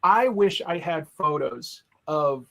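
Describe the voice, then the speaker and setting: A man's voice: a little high, lively intonation, slow pace, creaky, a bit bright. Chatty, enthusiastic middle-aged man. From Boston. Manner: chatty and enthusiastic, full of likes and restarts. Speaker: guest. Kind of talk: casual chat.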